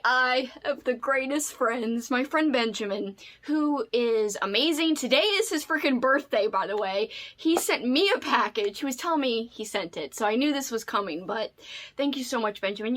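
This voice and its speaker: Excitable woman vlogger with a fairly high voice for a casual home unboxing chat. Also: normal speed. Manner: gushing, excitable, squeals and laughs often.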